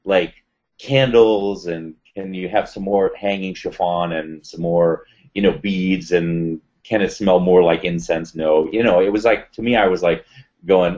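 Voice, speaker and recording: A man telling a personal story as an interview guest, animated and acting out the voices of others. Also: fairly low pitch, moderate pace. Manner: animated retelling, acts out quoted voices. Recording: dull lo-fi sound.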